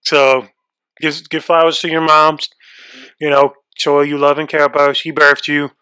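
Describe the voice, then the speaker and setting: A nervous young man chatting on a podcast, his voice bright and tense and sitting a little high. He sounds shaky and keeps swearing freely as he frets aloud. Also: flat delivery, normal speed, clean tone. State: shaky and freaked out. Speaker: podcast co-host. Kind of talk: casual chat.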